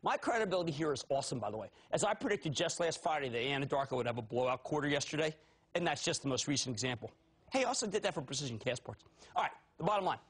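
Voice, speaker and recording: A man in his fifties hosting a TV stock market show, talking loud, manic and theatrical with sudden shouts. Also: fairly high pitch, animated, very fast, breathy edge. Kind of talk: excitable TV stock commentary.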